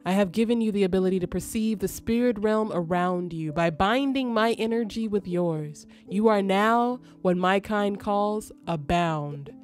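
Casting: woman voicing a calm, formal male spirit guide, measured delivery, light game music behind. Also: mid-range voice, lightly acted. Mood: solemn. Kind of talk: reading game dialogue aloud.

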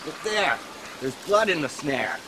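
A man's voice: a little high, animated, measured pace, noisy background. A man playing a cursing, hot-tempered hunter. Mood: grumbling. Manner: profane, grumbling. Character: foul-mouthed redneck hunter, short-tempered.

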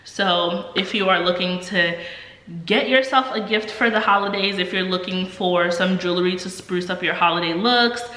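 A woman's voice: fairly low pitch, moderate pace, sharp tone. Stuffy chatty woman in an echoey room. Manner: chatty, many ums and likes. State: stuffy, under the weather. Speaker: vlogger. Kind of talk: casual vlog chat.

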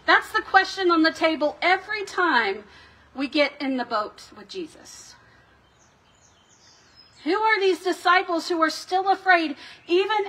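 A woman pastor delivering a sermon in a measured, reflective way, voicing the questions of scripture with drama. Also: very high-pitched, bright, forceful tone. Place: church sanctuary.

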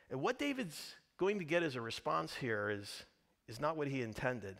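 A man pastor preaching a sermon, telling a story with lively, dramatic delivery and acted-out voices. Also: medium pitch, moderate pace, vocal fry. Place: church.

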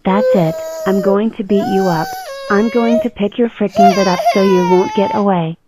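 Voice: mid-range voice, fairly even intonation, moderate pace, very noisy, close to an everyday voice. A fan animator voicing a protective cheerful cartoon big sister girl who scolds sternly. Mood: angry.

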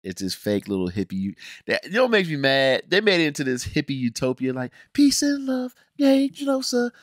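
A man hosting a casual reaction review, ranting in an animated, emphatic, slangy way with many restarts. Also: medium pitch, quick pace, dry recording, clean studio sound. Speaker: reaction channel host.

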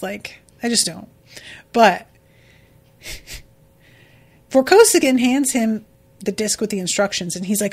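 A woman with a medium-pitched, creaky, slightly rough voice hosts a casual book-discussion podcast while losing her voice. Her commentary on what she reads is blunt, profane, and exasperated.

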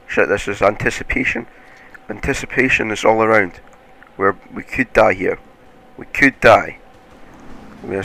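A man giving casual, excitable game commentary, swearing often and laughing at his own play. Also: fairly low pitch, vocal fry. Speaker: gaming commentator.

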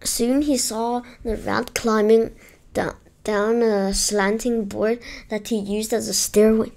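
A woman reading a children's book aloud in a steady storytelling way, with the odd small slip. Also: a little high, takes it slowly. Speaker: storybook reader.

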